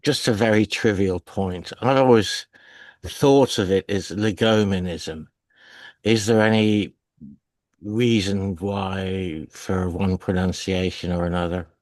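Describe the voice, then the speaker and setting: A man's voice: deep voice, fairly even intonation, takes it slowly, darkish tone, dry recording. A man in the audience asking a question in a wry, understated way. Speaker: audience member. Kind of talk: casual question from the group.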